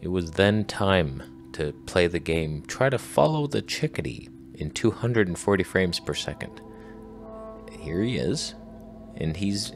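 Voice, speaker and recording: A man narrating his wildlife walks in a casual, joking way, deadpan and absurd, breaking into squeaky excited outbursts. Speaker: wildlife video creator. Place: outdoors on nature walks.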